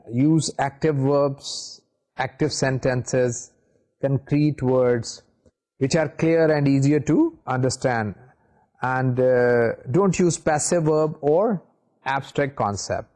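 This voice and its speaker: Male lecturer, seated, warm dark tone, explanatory with hesitant "uh" pauses. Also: medium pitch. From Pakistan. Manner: measured, explanatory, with frequent "uh" pauses. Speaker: university lecturer. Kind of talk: recorded video lecture. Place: seated in a studio.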